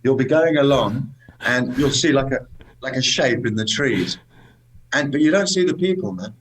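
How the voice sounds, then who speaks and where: Guest man, mid-range pitch, animated casual storyteller who leans on "man". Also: normal speed, slight background noise, low-quality recording. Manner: animated anecdotes, says "man" often. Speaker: guest, motorcycle traveller.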